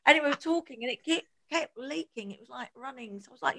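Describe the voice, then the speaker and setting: A woman's voice: sits high, quick pace. A woman co-hosting a podcast, telling stories in a casual chat with frequent laughter and acted-out quotes. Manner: animated, laughs often, acts out quotes. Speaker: podcast co-host.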